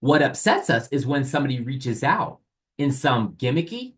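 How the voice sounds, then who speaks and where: A man's voice: medium pitch, very animated, moderate pace. A man teaching an online sales training, speaking energetically straight to his audience and often asking rhetorical questions. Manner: asks rhetorical questions and plays both sides.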